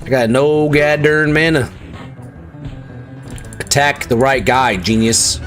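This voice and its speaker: A man streaming an online game live, reacting loudly, swearing freely and chatting with his viewers. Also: mid-range voice, slow, soft background music. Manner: excitable, swears, talks to chat viewers. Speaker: livestreaming gamer. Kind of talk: casual live gameplay commentary.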